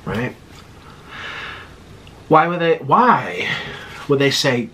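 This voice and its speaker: A man's voice: medium pitch, big pitch swings, drawn-out words, pushed and bright, a little hiss or hum. A man in his thirties talking casually and breathlessly to camera, chatty and digressive with lots of fillers. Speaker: mukbang vlogger. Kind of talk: casual rambling monologue.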